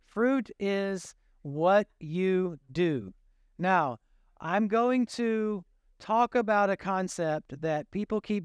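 A man delivers a lively sermon in a high, clear voice. He keeps drifting into self-deprecating asides. The sound is close and dry. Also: no room sound. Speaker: pastor.

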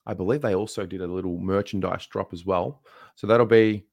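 Low-ish voiced guy casually running through what's on next, pretty chill. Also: fairly even intonation, a little fast, creaky, a little mellow, no room sound. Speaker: co-host. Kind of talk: casual show chat and announcements.

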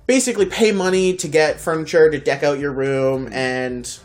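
Animated podcast storyteller, swearing freely. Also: mid-range voice, moderate pace, soft background music. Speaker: podcast co-host. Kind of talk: casual storytelling chat.

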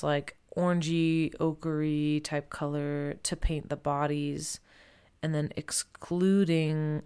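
Woman w a low smooth voice, chatty, laughs a lot, talks art casually. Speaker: presenter. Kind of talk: casual chat about art.

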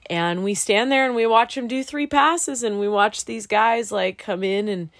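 A woman's voice: a little high, moderate pace, no echo, clean studio sound. A young woman, a student pilot, chatting casually and telling stories candidly, with some swearing. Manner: candid, animated storytelling with swearing. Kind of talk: casual podcast chat.

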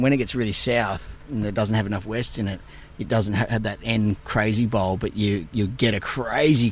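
Man with a lowish voice, telling stories. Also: breathy edge. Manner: animated, swears a lot, relives moments with voices. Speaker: guest surfer. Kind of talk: casual storytelling.

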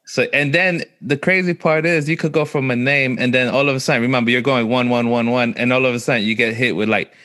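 A man's voice: mid-range voice, fairly even intonation, fast, few pauses, fairly bright tone. A man with a New York accent, chatting casually and telling stories in laid-back street slang. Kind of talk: casual chat.

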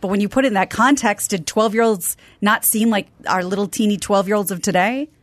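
A woman co-hosting a casual studio talk show who chimes in with quick agreements and questions. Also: mid-range voice, dry recording. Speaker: co-host. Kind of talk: casual chat.

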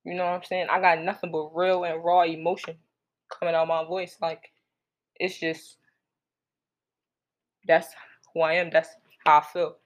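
Solo podcast host, mid-pitched, blunt and profane, rambling slangy monologue. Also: little pitch movement, normal speed, long pauses. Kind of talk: casual unscripted monologue.

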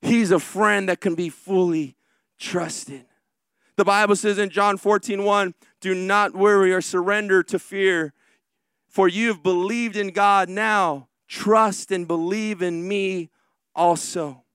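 A man preaching a sermon as pastor, drawing out key lines slowly and rushing through asides. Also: high voice, fairly even intonation, fairly bright tone, clear, resonant tone, no echo, studio quality. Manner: preaching with slow, drawn-out emphatic lines and quick asides.

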